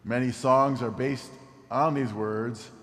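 A pastor preaching a sermon, animated, dropping low and slow to stress key words. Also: male voice. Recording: long reverb of a large hall.

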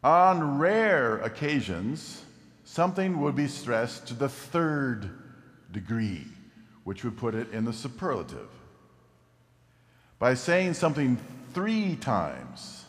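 Preaching with energy, this man of the cloth slows down and drops his pitch whenever he wants a word to land. His voice echoes with the lingering reverb of a big hall.

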